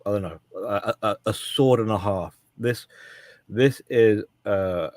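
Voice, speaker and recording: A man's voice: on the low side, unhurried, a little mellow, no echo. A man co-hosting a casual podcast discussion, talking emphatically and often restarting and repeating his words. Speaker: co-host.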